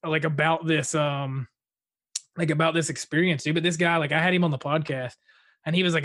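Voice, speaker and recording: A man's voice: fairly high pitch, steady tone, a little fast, a bit bright, dry recording, studio quality. A young man hosting a podcast, rambling casually and filling his talk with "like" and "dude". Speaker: podcast host.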